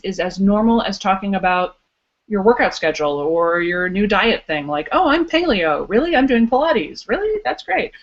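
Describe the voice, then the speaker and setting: Chatty woman coach on dull lo-fi audio. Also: mid-range voice. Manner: chatty, playful, says "um" and "like" often. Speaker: creativity coach hosting a live online workshop. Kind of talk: live webinar Q&A, casual and encouraging.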